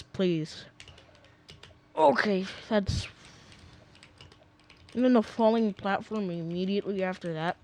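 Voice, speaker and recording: A man's voice: high-pitched, fairly even intonation, unhurried, long pauses, darkish tone. A young man casually rambling through gameplay commentary at home, often sidetracked and full of fillers. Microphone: desk mic.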